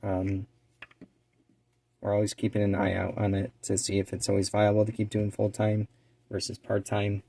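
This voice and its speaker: A man chatting casually and rambling with lots of fillers while he works on a small craft task. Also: fairly low pitch. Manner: rambling, relaxed, many fillers; drops to a quiet near-whisper while focusing. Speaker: eBay reseller and channel co-host.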